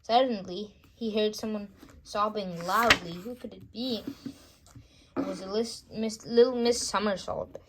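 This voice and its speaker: A woman reading a children's bedtime story aloud, gentle and unhurried, with small slips. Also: medium pitch, very noisy.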